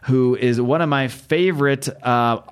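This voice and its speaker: A man's voice: medium pitch, a little slow, smooth. A man with a mid-range voice talks in a loose, chatty way, recapping a comic on a podcast. He jumps into character voices and laughs at himself. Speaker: podcast host. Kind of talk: casual chat, comic book recap.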